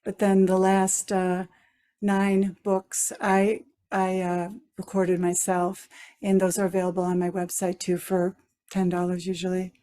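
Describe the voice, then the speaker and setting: A woman's voice: on the low side, monotone, a little slow, mellow. Frank woman author being interviewed. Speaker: spiritual teacher and author, interview guest. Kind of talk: casual interview chat.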